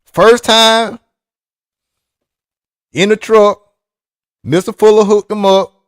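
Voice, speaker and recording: A man chats casually, rambling and teasing and often restarting his sentences. His voice sits a little high for a man. The recording is dry and close, with no room sound. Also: fairly even intonation, takes it slowly, smooth, no room sound. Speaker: RC racing vlogger. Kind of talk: casual chat.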